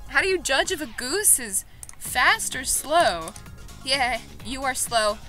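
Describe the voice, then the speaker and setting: A woman with a bright, forceful voice pitched a little high talks through a language-app run in a casual vlog. She reacts in quick, excitable bursts and pokes fun at herself, while faint music plays behind her. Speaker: vlogger. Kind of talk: casual gaming commentary. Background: background music.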